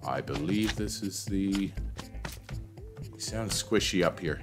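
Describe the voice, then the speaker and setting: Slow, deep-voiced man streaming a game. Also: over music. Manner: rambling, talks to himself and chat. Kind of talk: casual gameplay commentary.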